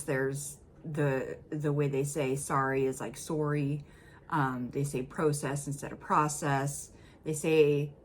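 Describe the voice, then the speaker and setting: Low-voiced chatty American woman. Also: a little hiss or hum. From United States. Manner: chatty, rambling, with many fillers and laughs. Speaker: reaction video host. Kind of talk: casual rambling chat.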